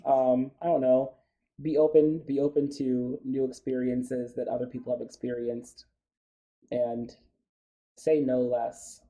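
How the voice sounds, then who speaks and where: An American man telling a story as a guest in a studio interview, animated and chatty with many fillers. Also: medium pitch, measured pace. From United States.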